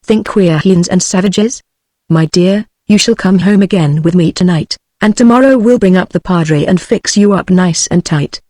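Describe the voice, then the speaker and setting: A text-to-speech woman's voice with a British English accent, reading the lines of a brisk, teasing male island doctor in an even tone. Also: fairly low pitch, no room sound, natural voice. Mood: bluff. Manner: even synthetic reading, no character voice.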